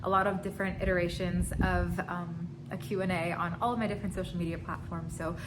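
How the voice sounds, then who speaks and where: A woman's voice: lowish voice, level tone, fast talker, background noise. A young woman in her twenties, a singer and vlogger, answering fan questions in a giggly, chatty and playful way. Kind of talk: casual Q&A vlog.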